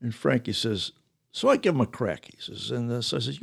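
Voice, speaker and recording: An older man tells stories in a casual, rambling way, chuckling as he goes. His voice has a gravelly edge, and his pitch sits mid-range for a man. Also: animated, a little fast. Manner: rambling, chuckling anecdotes with restarts. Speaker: retired firefighter guest. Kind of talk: casual storytelling.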